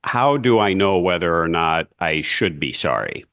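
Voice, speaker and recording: Low-voiced male podcast co-host, curious, asks questions, dry close sound. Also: lively intonation, a little slow, a bit bright, no room sound. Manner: curious, poses questions and scenarios. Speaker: podcast co-host, band teacher. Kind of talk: advice podcast discussion.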